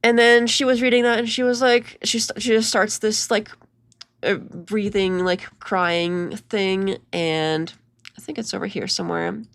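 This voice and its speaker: A young woman talks through clips in a loose, sarcastic commentary. Her voice has a gravelly edge and sits close and dry on the mic, with no room sound around it. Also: medium pitch, steady tone, unhurried, no echo. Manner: chatty, mocking, full of "like" and restarts. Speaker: commentary video host.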